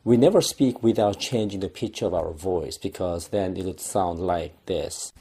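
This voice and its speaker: A young man giving a recorded lecture, explaining slowly with frequent pauses and restarts. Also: deep voice, warm tone, slight background noise.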